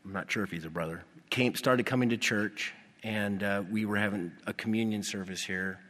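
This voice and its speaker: A male pastor preaching a sermon, animated and putting rhetorical questions to his congregation. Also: fairly low pitch, normal speed. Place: church. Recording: long reverb of a church hall.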